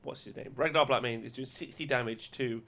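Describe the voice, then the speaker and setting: A man's voice: mid-range voice, brisk, fairly bright tone. A man hosting a casual chat, reading rules aloud and laughing often between jokes. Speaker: podcast host.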